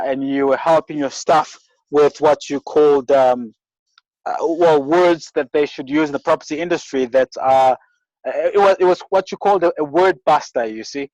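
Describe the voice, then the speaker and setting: A man's voice: a little high, a little mellow, no room sound, low-quality recording. A South African man from rural KwaZulu-Natal, a guest telling stories in an interview, earnest and often restarting his sentences. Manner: earnest, many restarts and repeated words. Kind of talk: reflective interview storytelling.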